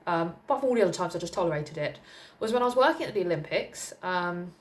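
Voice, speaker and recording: A young woman from England talks candidly to her camera in a relaxed personal vlog. Her voice sits a little low for a woman, and she rambles, circling back with fillers before landing her point. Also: quick pace. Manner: candid and chatty, with frequent fillers and laughs. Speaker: vlogger. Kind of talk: casual personal talk to camera.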